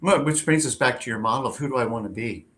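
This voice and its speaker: A man's voice: mid-range voice, quick pace, fairly bright tone. Chatty man hosting a career show. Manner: chatty, tells anecdotes, hedges with "like" and "you know". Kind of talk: casual interview chat.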